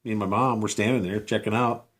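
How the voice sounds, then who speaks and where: Male vlogger, lower pitch, rambling, incredulous storyteller, recorded outdoors. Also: fairly even intonation, quick pace, a bit bright. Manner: rambling, many fillers and restarts, incredulous. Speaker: vlogger telling a personal story. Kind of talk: casual storytelling to camera.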